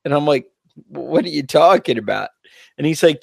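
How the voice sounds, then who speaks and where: A man's voice: on the high side, normal speed, vocal fry, dry recording, clean studio sound. A man co-hosting a podcast, telling a rowdy, profane story in casual chat. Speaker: podcast co-host.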